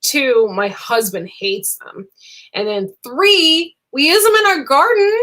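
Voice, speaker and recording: A woman's voice: high-pitched, takes it slowly, pushed and bright. Bubbly rambling woman. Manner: bubbly, rambling, giggly, lots of fillers. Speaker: livestream host. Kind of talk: casual live chat.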